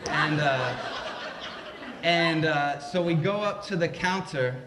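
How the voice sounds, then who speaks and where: A man with a slightly high voice tells a comic story live, in a slow, conversational way. His speech is loose and full of fillers, and it rings in an echoey library room. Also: a bit bright, slight background noise. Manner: conversational, unhurried, lots of fillers.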